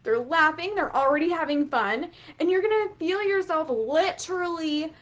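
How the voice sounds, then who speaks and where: A woman business coach giving a casual motivational talk, animated and swearing freely as she acts out quotes. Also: extremely high pitch, normal speed, lo-fi sound.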